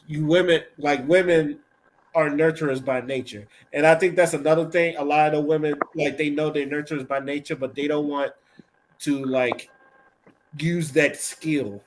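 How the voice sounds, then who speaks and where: A man's voice: a little high, a bit bright, slight background noise, low-quality recording. A man co-hosting a casual podcast, giving blunt, profane opinions in rambling sentences full of restarts. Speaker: podcast co-host.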